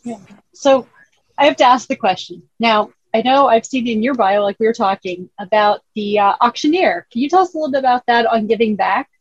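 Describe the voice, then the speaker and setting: A woman's voice: a little high, fairly quick, breathy edge, no echo. Female interviewer, hesitant questions, muffled lo-fi audio. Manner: hesitant, filler-laden questions. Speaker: interview host. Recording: dry, dull lo-fi sound.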